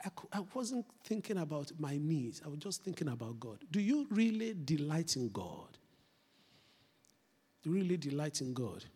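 Male pastor, raspy gravelly voice, passionate church sermon delivery. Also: a little high. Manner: swings from loud exhortation to quiet intensity, repeats phrases.

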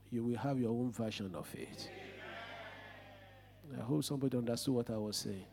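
A man's voice: mid-range voice, normal speed, gravelly, long pauses. A man preaching and hosting in a church sanctuary, fervent and conversational as he introduces a guest. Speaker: host pastor.

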